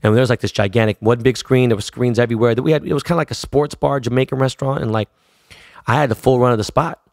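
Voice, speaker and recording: A man's voice: medium pitch, fairly even intonation, quick pace, vocal fry, no room sound, studio quality. A middle-aged man from Los Angeles, a DJ, telling a story in a loose, profane, slang-heavy way. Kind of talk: casual storytelling.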